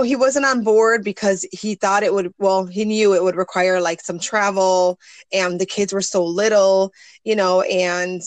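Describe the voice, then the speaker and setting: In a relaxed interview conversation, a woman in her forties appears as a guest and shares a personal story with earnest storytelling, performing the lines other people said. Her voice sits in the mid range, with no room sound.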